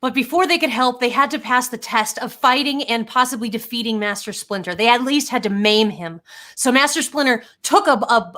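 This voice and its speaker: High, bright woman narrating improv. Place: home, remote online show.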